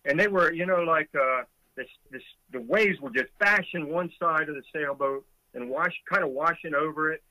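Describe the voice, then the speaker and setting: A man's voice: fairly high pitch, normal speed, bright, forceful tone, no room sound, rough recording. A middle-aged man, a former Coast Guard boatswain's mate, vividly retelling a rescue with chuckles as a guest in a conversation. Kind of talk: storytelling in a conversation.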